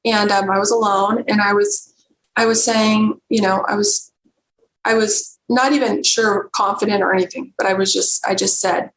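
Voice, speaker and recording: A woman's voice: mid-range voice, steady tone, fairly bright tone. Earnest woman telling a personal story. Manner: earnest, emotional, halting storyteller. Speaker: podcast guest. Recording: roomy echo with faint background noise.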